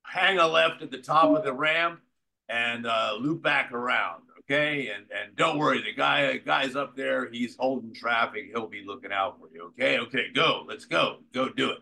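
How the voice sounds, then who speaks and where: A man's voice: medium pitch, normal speed, gravelly, sharp tone. Man doing a brash, barking old director. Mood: coaxing. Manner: barking, commanding. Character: brash older male film director.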